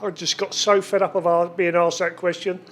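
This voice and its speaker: A man in his sixties shares a rambling memory in a chatty, joking way. His voice sits a bit high for a man, and soft music plays under him. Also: level tone, a little fast. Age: 60s. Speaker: family friend sharing a memory. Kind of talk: casual spoken tribute.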